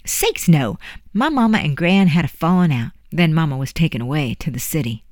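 Voiced by the narrator, a patient, wise woman tells old family lore in a folksy, unhurried way. Her voice sits a little raised and full, and the read is dry and close. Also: mid-range voice, lively intonation, dry recording, close to an everyday voice. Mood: telling lore. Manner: folksy dialect, unhurried storytelling.

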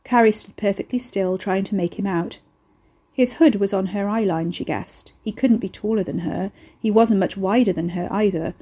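A woman narrating a novel chapter as an audiobook, in a steady, measured way. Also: medium pitch, breathy edge.

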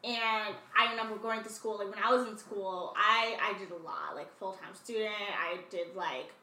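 Podcast co-host, woman in her 20s, bright and a bit high, recorded off-mic in a roomy space. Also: moderate pace, recorded from a distance. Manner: chatty, tells long stories with quoted self-talk. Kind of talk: casual chat.

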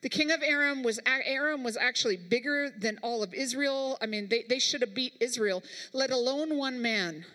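A woman's voice: a little high, normal speed, hardly any pauses, sharp tone, big-room sound. A woman preacher delivering a sermon, talking emphatically and straight to her congregation. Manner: emphatic, speaks directly to the congregation.

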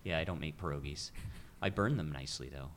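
A man's voice: rumbling low, fast, fairly bright tone, slight background noise. A middle-aged man, a guest photographer, talking firmly and giving advice in a casual podcast chat.

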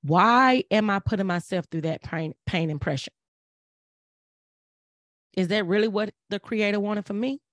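A woman's voice: mid-range voice, unhurried, pauses often, fairly bright tone, no echo, clean studio sound. A middle-aged woman, speaking in an earnest, preachy way and repeating phrases for emphasis. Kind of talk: casual motivational talk.

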